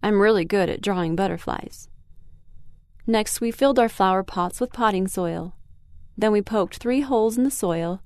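A woman in a medium voice narrates a children's story in an expressive first-person style. The sound is dry and close. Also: mid-range voice, normal speed, clear, resonant tone, no echo. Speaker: audiobook reader.

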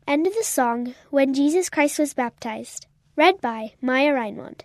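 A woman with a high voice reads song lyrics aloud at a steady pace. The recording is dry and close. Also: a little slow, no echo. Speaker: reader.

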